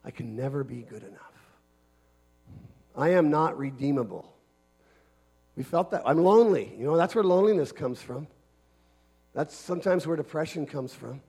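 High-voiced earnest male preacher. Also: animated, normal speed, pauses often, mellow, breathy edge. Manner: earnest, emphatic preaching with repetition. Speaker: pastor. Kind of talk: sermon.

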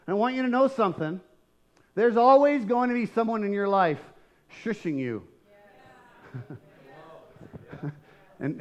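A man preaching a sermon as pastor, emphatic and rising to shouts, often asking the congregation questions. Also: high voice.

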